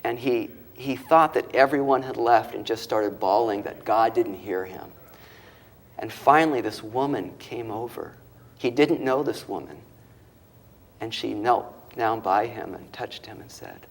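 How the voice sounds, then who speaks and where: Low-voiced guy telling emotional stories on an interview show, does the voices, gets choked up. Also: a little slow, vocal fry, slightly rough. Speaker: author and guest.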